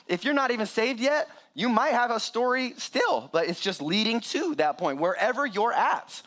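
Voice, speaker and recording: A middle-aged man preaching a sermon as pastor, animated and joking with the congregation. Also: high-pitched, normal speed, hardly any pauses.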